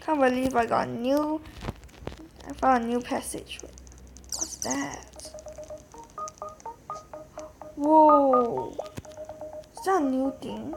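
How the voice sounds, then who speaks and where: Excitable high-voiced woman gaming. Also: unhurried, creaky, noisy background. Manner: excitable, gasping, talks to viewers. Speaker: gameplay narrator. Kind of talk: casual gameplay commentary.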